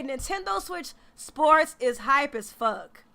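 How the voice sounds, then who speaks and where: A woman in her thirties streaming about games in a casual, animated, profane way. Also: high voice, normal speed, few pauses, very noisy. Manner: animated, profane, emphatic, slangy. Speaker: gaming streamer. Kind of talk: casual livestream reaction.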